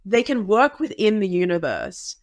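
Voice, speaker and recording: Woman talking fast and animated on a podcast, dry close sound. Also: medium pitch, no room sound, highs cut off. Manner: animated, many fillers. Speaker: podcast guest. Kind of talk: casual chat.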